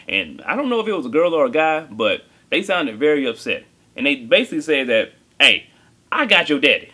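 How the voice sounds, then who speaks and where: A man's voice: fairly high pitch, fairly bright tone. A man giving a comedic movie review, talking in a joking, slangy way.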